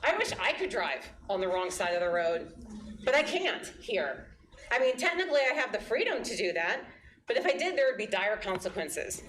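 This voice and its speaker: A woman's voice: medium pitch, very animated, moderate pace, fairly bright tone. Woman, wry conversational public comment, echoey room, faint hiss. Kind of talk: prepared public statement. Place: public board meeting hall.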